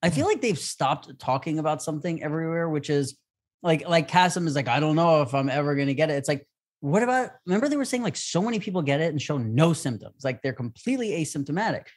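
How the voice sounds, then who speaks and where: A man's voice: on the high side, sing-song, fast, breathy edge. A man co-hosting a podcast in casual chat, rambling and leaning heavily on "like" as he acts out his own reactions. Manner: rambling, heavy use of "like". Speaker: podcast co-host.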